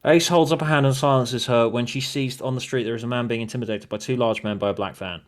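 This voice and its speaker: A man's voice: medium pitch, fairly even intonation, fast talker. A laid-back man on a livestream, reading out stage directions as he types a script, with keys clicking behind him. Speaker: co-host typing the script. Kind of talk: casual livestream chat, reading out script lines.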